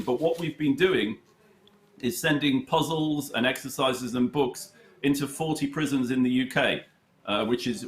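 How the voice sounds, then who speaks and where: A man from the United Kingdom tells stories at a relaxed, halting pace, often restarting his sentences. His voice sits at an ordinary middle pitch. The sound is roomy and echoey, as if recorded in a bare room over a call. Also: a little hiss or hum. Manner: hesitant, many fillers and restarts, storytelling. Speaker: chess charity head, studio guest. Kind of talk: conversational interview answers. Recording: roomy echo.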